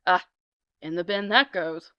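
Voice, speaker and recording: A woman's voice: on the low side, measured pace, smooth, no room sound, highs cut off, pitched below the performer's own voice, lightly acted. A woman voicing a dismissive older male council elder who answers curtly.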